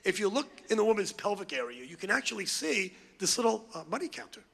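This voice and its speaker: Brash, gravelly comedian ranting. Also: male voice, high voice, sing-song, fast, fairly bright tone. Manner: brash, crude, ranting punchlines. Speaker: stand-up comedian. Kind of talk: stand-up comedy set. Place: comedy club stage with live audience.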